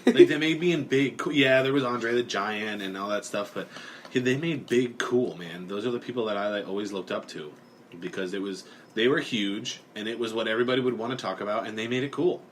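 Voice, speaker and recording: A man co-hosting a casual chat, joking and emphatic, his voice swinging between loud and soft. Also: on the low side, fairly quick, slight background noise. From United States. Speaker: podcast co-host.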